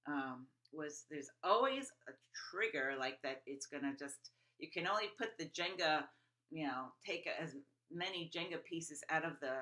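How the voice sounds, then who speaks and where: A woman's voice: low voice, lively intonation, normal speed, bright, forceful tone. A woman hosting an interview, speaking reflectively with some hesitations. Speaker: host. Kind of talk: conversational interview.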